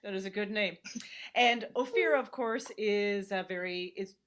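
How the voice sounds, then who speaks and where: A woman's voice: mid-range voice, normal speed, fairly bright tone. Woman comedian host, middle-aged, chatty and wry, on a video call.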